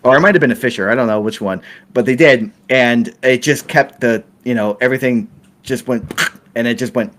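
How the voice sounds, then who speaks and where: A man's voice: medium pitch, a little fast, fairly bright tone, a little hiss or hum. A middle-aged man hosting a podcast, telling a film-set story in a casual way, laughing and restarting his sentences often. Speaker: podcast host.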